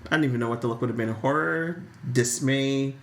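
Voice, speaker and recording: A woman co-hosting a casual podcast chat, animated, often repeating words as she starts a thought. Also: rumbling low, brisk, roomy sound. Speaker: podcast co-host. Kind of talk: casual chat about a soap opera.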